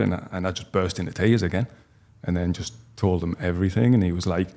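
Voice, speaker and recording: A man, telling a personal story as a podcast guest in a halting, heartfelt way with many restarts. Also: low-pitched, fairly even intonation, dark tone. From North East England. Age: 40s.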